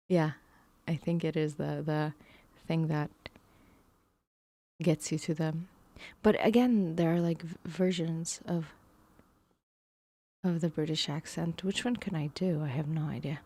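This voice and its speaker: Woman streamer, unhurried, mellow tone, dry close sound, hesitant thinking aloud. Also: low-pitched, dry recording. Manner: musing, hesitant, slips into whispers. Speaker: streamer learning math.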